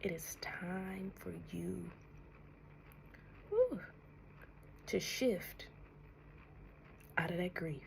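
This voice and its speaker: Slow, whispery woman with a gravelly voice. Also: fairly low pitch, lively intonation, darkish tone, a little hiss or hum. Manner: slow, soothing, often drops to a breathy whisper, calls listener honey. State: emotional, near tears. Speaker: tarot reader. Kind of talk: spiritual message to viewers.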